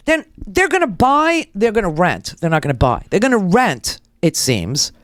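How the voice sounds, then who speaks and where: A middle-aged woman talk radio host delivers a blunt, sarcastic political rant full of crude jabs. Her pitch swings widely as she talks. The sound is dry and close to the mic. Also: big pitch swings, normal speed, hardly any pauses, dry recording.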